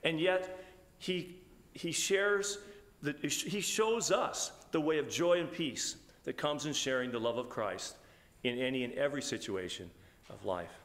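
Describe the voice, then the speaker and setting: A man's voice: medium pitch, lively intonation, a little slow, a bit bright. A man, a pastor, giving a conversational Bible study lecture in a church hall, often restarting his sentences. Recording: reverberant hall.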